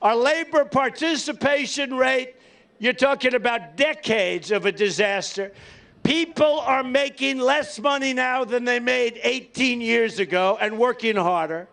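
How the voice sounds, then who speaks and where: An older man holds forth at a campaign rally, his voice pitched very high for a man. He brags, rambles and circles back to the same points. Now and then he shouts out to the crowd. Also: unhurried, gravelly. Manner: boastful, rambling and repetitive, sometimes shouting to the crowd. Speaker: political candidate at a campaign rally. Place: large rally venue before a cheering crowd.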